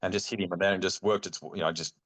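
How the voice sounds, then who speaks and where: A middle-aged Australian man telling a long hunting story in a rambling, animated way, full of fillers. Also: low voice, fast talker. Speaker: guest, bowhunting club chairman. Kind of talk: casual storytelling chat.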